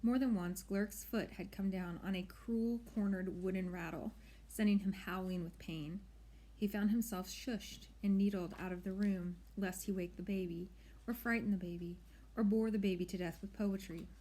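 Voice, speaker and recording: Mellow-voiced woman reading a story. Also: medium pitch, fairly even intonation, moderate pace. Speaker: narrator. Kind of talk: audiobook reading.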